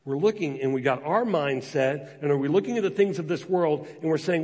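A man's voice: a little high, animated, fairly quick, few pauses, a little mellow. A man in his forties preaching a sermon, telling a personal story conversationally and acting out the voices in it. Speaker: pastor. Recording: long reverb of a large hall.

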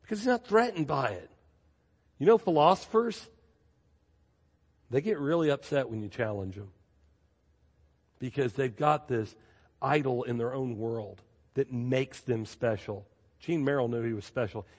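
Pastor preaching in a reverberant church. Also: male voice, mid-range voice, normal speed, long pauses, breathy edge. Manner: lively storytelling with emphatic repeated phrases. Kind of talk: sermon. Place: church sanctuary. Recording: long reverb of a large church.

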